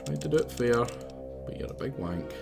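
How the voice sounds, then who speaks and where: A man's voice: mid-range voice, sing-song, normal speed, gravelly, loud music behind the voice. A Scottish man streaming a game live, rambling casually, swearing freely and talking back at the game. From Scotland. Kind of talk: casual live gameplay commentary.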